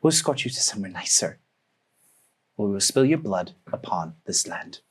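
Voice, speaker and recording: A man's voice: low-pitched, sing-song, normal speed, husky, exaggerated voice. Man growling as a menacing male orc warrior. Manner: threatening, proud.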